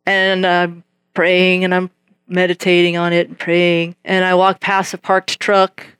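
Here a woman with a fairly low, clean-toned voice takes her time, recorded dry in a clean studio. Sharing her Christian testimony in a relaxed way, she brings the story to life by playing both parties in each conversation, laughing frequently as she goes.

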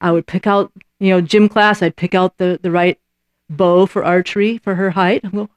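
A woman's voice: fairly low pitch, steady tone, normal speed, no echo. A woman preaching a sermon in a conversational way, often acting out little voices and dialogues and checking in with her listeners by asking "Right?".

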